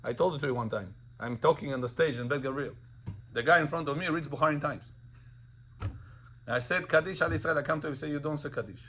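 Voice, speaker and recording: A man leads a Torah class, his voice pitched a little high and bright with a forceful edge. He quizzes the room and tells animated stories, slipping between languages as he goes. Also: fast talker, a little hiss or hum. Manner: animated storyteller, quizzes students, mixes in Russian and Hebrew. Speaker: rabbi teaching a class. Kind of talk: Torah class on Sabbath laws. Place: classroom with students.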